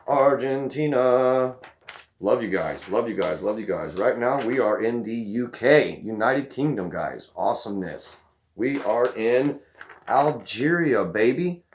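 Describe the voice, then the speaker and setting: A young man hosting his own video channel, giving excited shout-outs to viewers with many restarts and repeated "guys". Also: low voice. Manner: enthusiastic, repeats "guys" and "baby", stammers restarts. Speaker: vlogger host.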